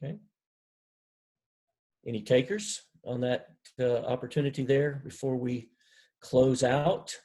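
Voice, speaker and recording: Slow, husky male moderator. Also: mid-range voice, steady tone, dark tone, rough recording. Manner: measured, formal phrasing. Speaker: webinar moderator. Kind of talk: moderating a webinar.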